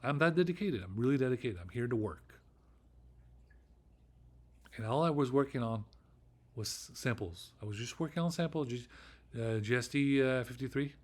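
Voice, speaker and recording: A middle-aged man talks alone to the camera in a loose, rambling monologue. He rants and swears, circles back over the same points and restarts his sentences. His voice sits at an ordinary male pitch. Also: moderate pace, pauses often, a little mellow. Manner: ranting, profane and repetitive, with restarts. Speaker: vlogger.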